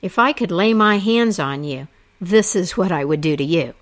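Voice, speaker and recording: A woman voicing a bold, loyal wild young man in a told myth, calling out loudly. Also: on the low side, lively intonation, normal speed, natural voice. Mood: fierce.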